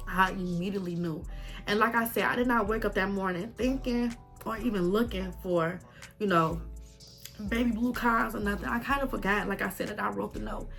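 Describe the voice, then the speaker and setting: A woman's voice: mid-range voice, moderate pace, creaky, fairly bright tone, faint music behind. A young woman vlogger sharing a heartfelt personal testimony, tearful with a crackling voice, often calling her viewers y'all. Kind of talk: emotional personal testimony vlog.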